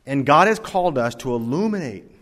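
A pastor preaching earnestly, telling a story in a sermon. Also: male voice, medium pitch, big pitch swings, brisk, fairly bright tone, big-room sound.

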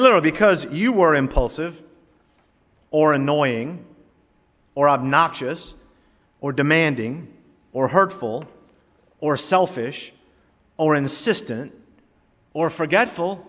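Animated older pastor in an echoing hall. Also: male voice, a little high. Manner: animated, acts out voices in anecdotes. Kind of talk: sermon. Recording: long reverb of a large hall.

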